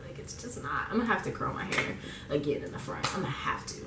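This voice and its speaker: A woman's voice: fairly low pitch, sing-song, moderate pace, far from the mic, noisy background. Chatty young woman, echoey room. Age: young adult. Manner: chatty, rambling, many fillers and likes. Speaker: beauty vlogger. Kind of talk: casual get-ready-with-me chat.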